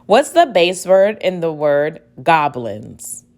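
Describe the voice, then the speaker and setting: A woman teacher leads a spelling dictation at a very slow, deliberate pace. Her voice sits a little low, and she spells each word letter by letter, syllable by syllable. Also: very animated, a little mellow.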